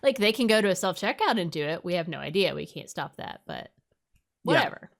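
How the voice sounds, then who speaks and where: A woman's voice: lowish voice, big pitch swings, fast, vocal fry. A woman co-hosting a podcast, talking in an emphatic, ranting way with lots of "like" in casual chat. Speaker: podcast co-host.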